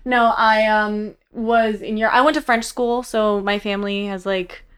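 A young woman, an actress and comedian, chatting casually as a guest at her home, telling animated self-mocking stories. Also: medium pitch, moderate pace, smooth. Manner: animated storyteller, self-mocking, laughs often. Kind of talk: casual chat.

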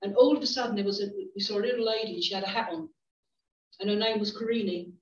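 A woman's voice: mid-range voice, fast talker. A middle-aged woman, a visiting preacher telling stories in a church, chatty, with frequent restarts. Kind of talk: storytelling sermon. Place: church hall. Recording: roomy, distant, dull church recording.

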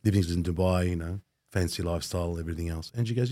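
Aussie podcast host, husky, dry close sound, relays a story casually. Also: male voice, low-pitched, fast talker, dark tone, dry recording. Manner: responsive, frequent short interjections.

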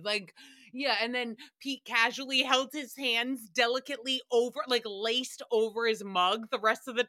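Young woman, podcast recap host: bright, a bit high, sarcastic profane ranting. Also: moderate pace. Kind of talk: solo comedic rant.

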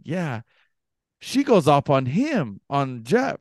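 A young man co-hosting a podcast, telling a story casually and acting out the other people's voices with big jumps in pitch. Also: moderate pace, no room sound, studio quality. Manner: animated, acts out quoted voices with pitch jumps. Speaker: podcast co-host.

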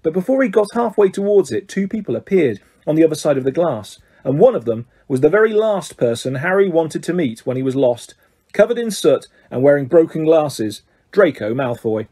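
Male reader, husky and mellow, very lively pitch, expressive storybook narration. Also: moderate pace. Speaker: audiobook reader. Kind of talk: storybook reading.

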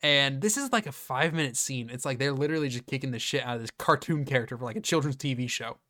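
A man hosting a casual podcast, retelling a film scene by scene in an animated, profane way with lots of fillers. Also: medium pitch, quick pace, no room sound, clean studio sound. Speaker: podcast host.

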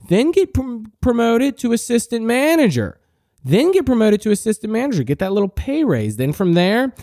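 A man hosting a comedy podcast, rambling and profane, swinging from low mutters into loud self-deprecating rants. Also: dry recording, clean studio sound. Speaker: podcast host.

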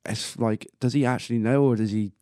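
A man's voice: medium pitch, fairly even intonation, a little fast, dark tone, dry recording, clean studio sound. A man hosting a casual solo podcast, rambling and chatty, swearing casually and laughing at himself. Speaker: podcast host.

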